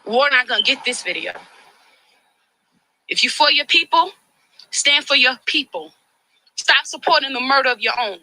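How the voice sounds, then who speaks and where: A woman activist, caught on a handheld phone in a low-quality recording, confronts campaign volunteers with heated, preachy pleading. Her voice sits high and sounds bright and forceful, expressive at a moderate pace with long pauses.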